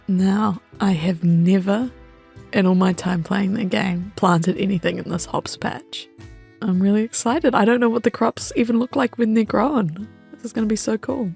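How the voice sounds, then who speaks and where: An excitable woman chats her way through a game, her talk full of delight. Her voice carries a gravelly texture, and faint music plays underneath. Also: fairly low pitch. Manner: excitable, chatty, quick laughs and gasps. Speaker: gaming vlogger. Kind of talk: casual gameplay commentary.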